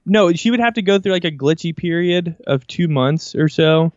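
A man's voice: fairly high pitch, lively intonation, normal speed, no echo. A man co-hosting a podcast, bantering playfully in casual chat. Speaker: podcast co-host. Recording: dull lo-fi dry sound.

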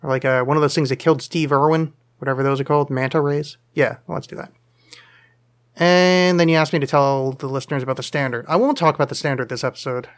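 Male podcast host, a bit high-voiced, loose and jokey, lots of ums while answering listener questions. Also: fairly even intonation, fast talker. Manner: rambling, self-deprecating, jokey, many fillers. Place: home studio, leaning over to check screen.

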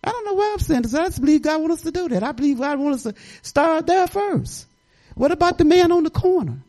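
A woman's voice: sits high, animated, quick pace, dark tone, low-quality recording. An older woman pastor talks her sermon more than she preaches it. Her delivery is folksy and conversational, wandering into personal stories and asides. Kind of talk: informal testimony sermon.

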